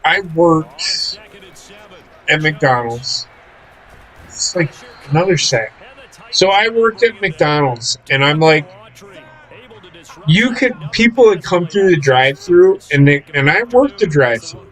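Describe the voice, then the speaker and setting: A young man chats on a gaming stream, with a high and lively voice that jumps around. He tells his stories with plenty of swearing and laughter. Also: slow, pauses often, rough recording. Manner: profane, laughing storyteller. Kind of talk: casual chat.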